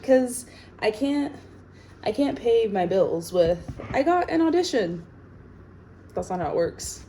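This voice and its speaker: A woman actor chatting casually while baking in her home kitchen, sassy and full of "like" fillers, in a tired, lower sleepy voice. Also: dark tone, a little hiss or hum, low-quality recording.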